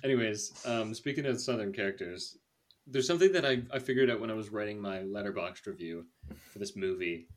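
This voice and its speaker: A young man hosting a casual movie review chat, chatty and animated, laughing often. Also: fairly low pitch, fairly quick. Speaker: podcast host.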